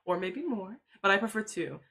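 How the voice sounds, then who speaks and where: A woman's voice: medium pitch, expressive, normal speed, a bit bright. A young woman livestreaming, talking candidly and casually, laughing often and swearing freely.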